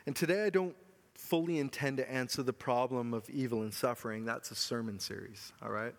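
A man preaching a sermon as pastor, earnest and often dropping to a soft, low voice. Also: brisk, vocal fry. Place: church hall. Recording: long hall reverb.

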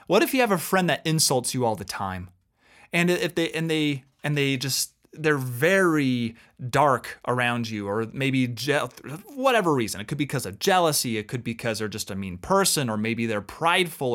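A man's voice: medium pitch, a bit bright. A man co-hosting a talk, giving earnest and emphatic advice in a lecturing way. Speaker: co-host.

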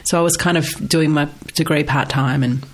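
An Australian woman in her forties with a husky voice from a cold, telling animated stories in casual conversation as an interview guest. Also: low-pitched, normal speed. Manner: animated storytelling, laughs often.

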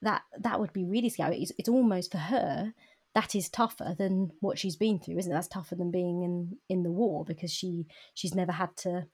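Soft-spoken woman with a mellow voice. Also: fairly low pitch, fairly even intonation, moderate pace, breathy edge. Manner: reads passages in a soft whisper. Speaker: podcast co-host. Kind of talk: casual book chat, reading aloud.

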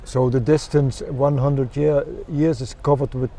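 A man co-hosting a radio show, chatting casually outdoors by a canal in a rambling, halting way full of restarts. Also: medium pitch, fairly even intonation, mellow, a little hiss or hum. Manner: rambling, halting restarts, playful sound effects.

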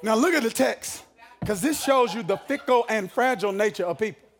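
High-voiced hollering preacher man. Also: brisk, faint music behind. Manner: animated, shouting and laughing, call-and-response with congregation. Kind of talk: sermon.

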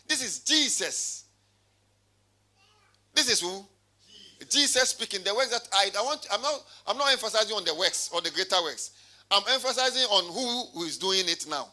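Male pastor, sermon, call-and-response preaching, high voice, very bright tone. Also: expressive, normal speed.

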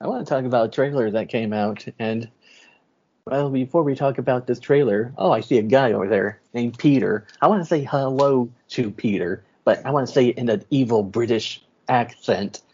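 A man's voice: medium pitch, moderate pace, darkish tone, slightly rough. A man hosting a podcast in casual chat, joking loosely and laughing often. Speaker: podcast host. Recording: dull lo-fi podcast audio.

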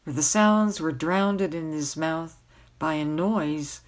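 A woman narrating a novel aloud in a gentle, measured read-aloud style. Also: sits low. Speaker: storyteller reading a novel aloud.

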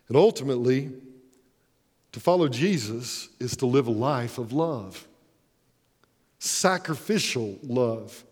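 A man's voice: medium pitch, a little mellow, big-room sound. A man preaching a sermon as pastor, earnest and emphatic, posing rhetorical questions.

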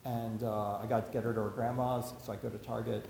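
A man quietly voicing a frazzled, grateful young mother in his story, in an echoey hall. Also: medium pitch, level tone, a little fast, gravelly, a little hiss or hum, voice pushed down, close to an everyday voice. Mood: grateful, rushed. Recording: echoey hall, faint ambience.

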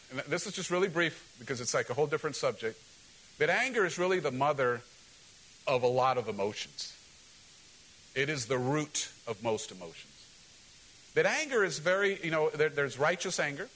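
A male pastor preaching a sermon in an animated, joking way, often asking the congregation questions. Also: medium pitch, brisk, rough recording.

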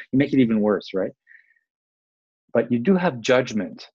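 A man's voice: medium pitch, sing-song, moderate pace, a little mellow, breathy edge, highs cut off. A man explaining mindfulness in a rambling, self-aware way, acting out little quoted voices. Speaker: interview guest.

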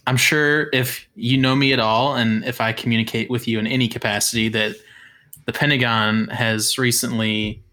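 A young man with a bright, forward voice chats on a podcast with friends. He rambles through his day with fillers and small laughs, in an easy, unhurried way. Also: medium pitch, steady tone. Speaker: podcast co-host. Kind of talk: casual chat.

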